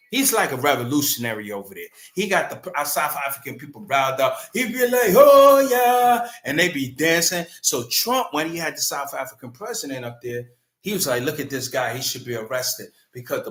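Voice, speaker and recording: A man commenting casually on news clips, loud and slangy, repeating himself as he talks. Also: on the high side, reverberant.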